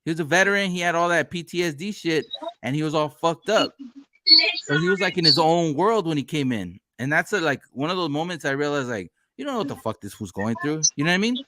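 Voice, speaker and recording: A man's voice: fairly high pitch, expressive, fast talker, pushed and bright, no echo. A man hosting a casual podcast chat, telling a profane, laughing story about his bus job. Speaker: podcast host.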